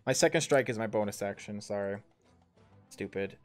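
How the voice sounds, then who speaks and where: A man's voice: on the low side, normal speed, soft background music. A man in his thirties narrating a tabletop game as game master and player, rambling with many ums and self-corrections, and swearing casually. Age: 30s.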